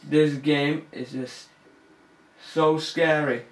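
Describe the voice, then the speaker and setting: A man's voice: on the high side, steady tone, drawn-out words, roomy sound. A young man commentating a horror game as he plays, nervous and easily scared, swearing and laughing. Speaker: gamer. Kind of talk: let's play commentary.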